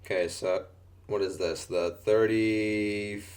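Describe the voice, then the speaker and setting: Profane young gamer with hiccups. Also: male voice, fairly low pitch, steady tone, a little slow, a little mellow. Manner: profane, exaggerated hiccup yelps and squeals. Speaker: gaming commentator. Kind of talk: casual gameplay commentary.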